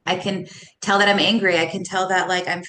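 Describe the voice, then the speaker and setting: A woman's voice: on the low side, flat delivery, fairly quick, pushed and bright, slight background noise. A woman in her thirties, a guest on a podcast, talking casually and animatedly and laughing often between thoughts. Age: 30s. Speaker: podcast guest, somatic coach. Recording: roomy echo with faint ambience.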